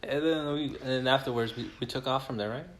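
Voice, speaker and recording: A man's voice: mid-range voice, fast, heavy background noise. A man co-hosting a podcast, chatting casually in an easygoing way with many ums and restarts. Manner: easygoing, hesitant, many fillers. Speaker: podcast co-host. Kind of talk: casual chat.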